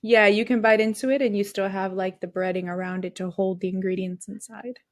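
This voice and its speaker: Young woman podcast cohost, teasing, gets excited about food, mid voice, dry mic. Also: mid-range voice, brisk, no room sound. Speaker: podcast co-host. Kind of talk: casual chat.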